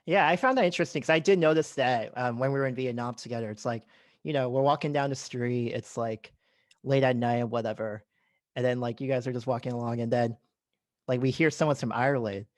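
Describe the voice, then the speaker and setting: A man hosting a relaxed podcast chat, his voice sitting at an everyday middle pitch. He rambles through his questions with constant "like"s and perks up when he acts out stories. The recording is dry and close, with no room sound. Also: fairly quick, dry recording. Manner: rambling, heavy use of "like", animated when retelling. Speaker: podcast host. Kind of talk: casual interview chat.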